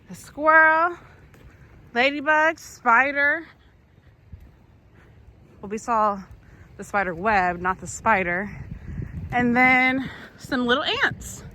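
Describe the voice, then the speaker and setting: A woman's voice: high voice, animated, drawn-out words, pauses often, bright, forceful tone. A young woman vlogging a child's nature walk outdoors in a park, chatty and upbeat with frequent laughter. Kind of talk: casual narration to viewers.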